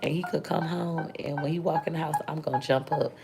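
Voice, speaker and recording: Low, gravelly woman over loud music. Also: steady tone, brisk. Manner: candid, rambling, thanks viewers between thoughts. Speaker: content creator and mother. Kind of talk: casual livestream chat with viewers. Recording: loud music playing behind the voice.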